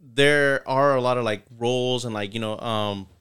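Male co-host, smooth voice, rambling and chatty. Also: mid-range voice, normal speed, a bit bright. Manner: rambling, full of "like" and "you know". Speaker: podcast co-host. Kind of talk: casual podcast chat.

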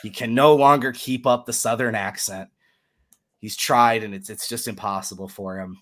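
A man's voice: on the low side, steady tone, normal speed, fairly bright tone. A man hosting a casual sports podcast, chatty and joking, laughing often as he talks. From Michigan. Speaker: podcast host.

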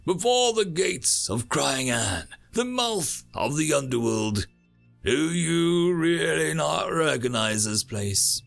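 Vengeful armored soldier, snarling and menacing, voiced by a male storyteller; slow, gravelly menace. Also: fairly high pitch, very animated, fairly bright tone, faint music behind, pitched above the performer's own voice, exaggerated voice. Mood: cold.

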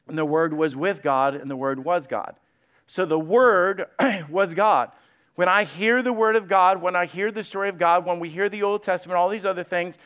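A male pastor delivers a sermon to his church, quoting scripture and building into excited, passionate retellings. His voice sits high for a man. It rings smooth and clear.

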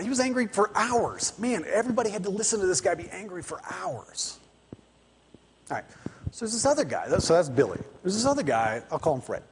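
A man gives a sermon in a loose, chatty storytelling style, acting out the people in his story as he goes. His voice sits a little high and has a husky edge. A long church reverb trails behind each phrase. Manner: conversational, animated storytelling with quoted voices. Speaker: pastor. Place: church sanctuary.

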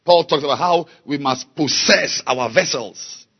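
A man preaching a sermon, slow and emphatic, repeating key words and building to loud exhortation. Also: fairly high pitch, husky, highs cut off. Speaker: pastor.

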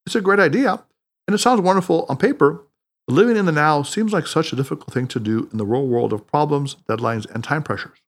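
A man's voice: on the high side, a little fast. A man reading the lines of a skeptical male doctor in an audiobook, doubtful and defensive.

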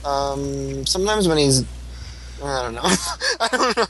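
A man's voice: mid-range voice, very animated, unhurried, a bit bright, a little hiss or hum, poor audio. A man co-hosting a casual podcast, joking and cracking wise with the others. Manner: joking, wisecracking. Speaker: podcast co-host.

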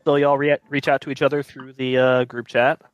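A man running a tabletop role-playing game as game master, halting and full of fillers, with a wry tone. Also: mid-range voice, flat delivery, no room sound, muffled recording.

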